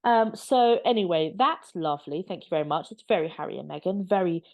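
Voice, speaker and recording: Sarcastic low-voiced woman vlogger. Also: animated, brisk. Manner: sarcastic, exasperated, mocking. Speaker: commentary vlogger. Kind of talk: opinionated casual commentary.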